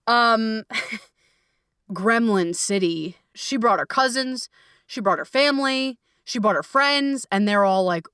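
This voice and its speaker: A woman's voice: medium pitch, a bit bright, no echo, studio quality, far from the mic. A woman hosting a coaching podcast, talking in a candid, casual way with lots of fillers and swearing. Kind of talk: casual reflective coaching talk.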